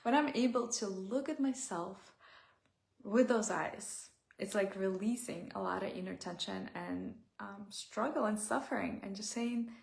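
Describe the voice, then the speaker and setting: A woman speaks in a reflective, heartfelt way, often pausing as she searches for the right words. Her mid-range voice carries a gravelly fry. The room around her adds a noticeable echo. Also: mid-range voice, a little mellow. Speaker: self-help speaker. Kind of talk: reflective personal talk.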